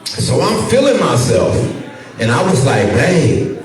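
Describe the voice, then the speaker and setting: Animated St. Louis man doing stand-up. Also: mid-range voice, a little slow. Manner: profane, loud and animated, jumping into shouted voices. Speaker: stand-up comedian. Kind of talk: stand-up comedy set. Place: comedy club stage with a laughing audience. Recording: echoey club sound from a distance with crowd noise.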